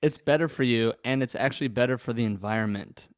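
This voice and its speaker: A man co-hosting a podcast, playful and teasing, quick to laugh in casual banter. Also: medium pitch, no echo, clean studio sound. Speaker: podcast co-host.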